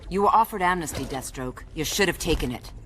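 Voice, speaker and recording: A woman voicing a proud, stern Amazon warrior princess in a video game cutscene, with loud game music behind her. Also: deep voice, animated, fairly quick, very noisy. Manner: stern, commanding.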